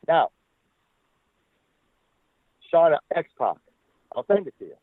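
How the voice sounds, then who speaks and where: Speaking slowly with a breathy edge, this man has a voice on the high side with big pitch swings. A former talent manager, he rambles through stories in a casual interview, cursing freely and acting out quoted people, over a dry, tinny phone line with no echo.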